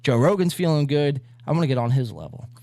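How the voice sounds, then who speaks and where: A man's voice: on the high side, lively intonation, fast, background noise. A man hosting a podcast, chatting casually and mocking the clips he watches, brash and full of swearing. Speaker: podcast host. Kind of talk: casual chat reacting to clips.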